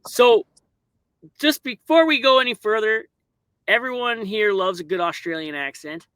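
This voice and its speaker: A man's voice: high-pitched, normal speed, a bit bright, smooth, no echo. A man, hosting a casual podcast chat and asking easygoing, teasing questions. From Canada. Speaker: podcast host.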